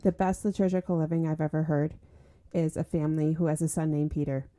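Woman, 30s, podcast guest; mellow, lowish voice, earnest and chatty. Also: fairly even intonation, fast talker, no room sound. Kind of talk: casual chat.

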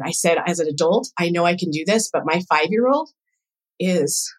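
A woman guest on a podcast, a doula coach, telling a personal story in casual conversation with emotional, animated quoted dialogue. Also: fairly low pitch, a little fast, low-quality recording.

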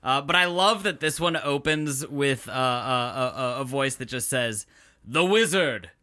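Bright-voiced laughing man podcaster. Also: medium pitch, fairly even intonation, normal speed, clear, resonant tone. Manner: laughs often, filler-heavy, enthusiastic. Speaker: podcast co-host. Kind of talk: casual chat.

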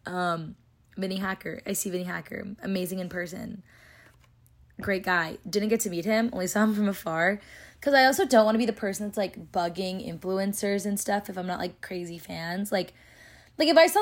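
A young woman telling a chatty story to her viewers, talking fast with lots of fillers. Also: fairly low pitch. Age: young adult. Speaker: vlogger. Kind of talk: casual storytelling vlog.

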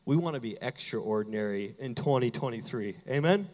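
A man preaching a sermon as pastor to his church, talking in a conversational, playful way and acting out quick asides. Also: mid-range voice, expressive, a little mellow. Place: church sanctuary. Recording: hall reverb.

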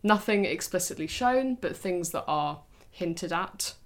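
A woman's voice: fairly low pitch, lively intonation, unhurried. A young woman co-hosting a podcast, chatting and teasing with plenty of ums. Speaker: podcast co-host. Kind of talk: casual chat.

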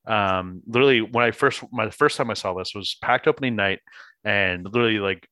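A man's voice: fairly low pitch, brisk, pushed and bright, dry recording. A man co-hosting a casual movie podcast, enthusiastic, laughing easily and swearing casually. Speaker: podcast co-host.

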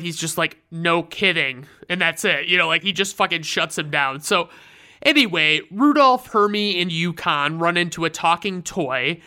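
Casual commentary host, sarcastic, swears a lot, deadpan asides, bright voice. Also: mid-range voice, smooth. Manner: sarcastic and profane. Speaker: host reviewing old holiday specials.

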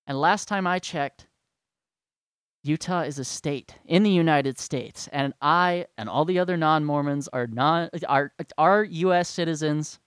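A man's voice: on the high side, measured pace, a bit bright, clean tone, dry recording. A man ranting to his followers in a sarcastic, profane and rambling way. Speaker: vlogger. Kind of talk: profane rant to camera.

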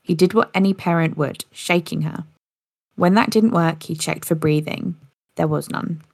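A woman with a low, gravelly voice narrates a story in a relaxed podcast manner, now and then tripping and restarting. The sound is dry and close, with no room around it. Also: normal speed, dry recording. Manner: casual, occasional slips and restarts.

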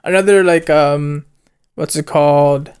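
A young man, his voice fairly high and clean, speaks a little slowly while co-hosting a film review. He rambles in casual conversation, retelling scenes with animated, slang-filled storytelling.

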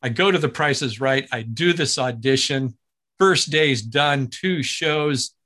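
A man who works as a broadcaster, telling a story in an interview in an animated way, with frequent restarts and acted-out quotes. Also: mid-range voice, unhurried.

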